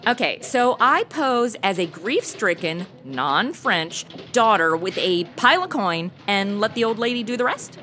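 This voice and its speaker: A woman's voice: mid-range voice, big pitch swings, measured pace, few pauses, sharp tone, faint music behind. A woman acting a wisecracking sidekick in a comedic audio drama, full of sarcastic quips. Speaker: reporter's sidekick.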